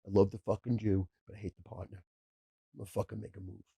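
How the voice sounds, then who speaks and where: Guy doing a quiet threatening mob boss just out of jail, low gravelly voice, swears nonstop. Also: level tone, fast, dry recording, full character voice. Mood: hostile. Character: menacing middle-aged male mobster, fresh from prison.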